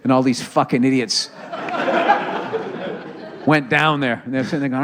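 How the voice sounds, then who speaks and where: A man's voice: medium pitch, slow, pauses often, a bit bright. A man hosting a live podcast taping on stage, riffing sarcastically and profanely with the audience. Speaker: comedian host of a podcast. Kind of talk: live stand-up podcast taping with crowd work.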